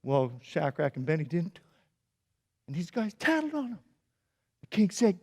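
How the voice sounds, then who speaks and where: A Sunday school teacher telling a Bible story to children in a playful, animated way. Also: male voice, high-pitched, moderate pace, gravelly, pauses often. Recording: echoey hall.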